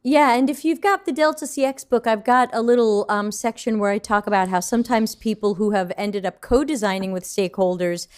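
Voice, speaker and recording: A woman's voice: medium pitch, fairly quick, hardly any pauses, smooth. A woman hosting a casual online Q&A panel on a video call, joking and handing questions to her panelists. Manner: lively, joking, hands the floor to panelists. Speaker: panel host.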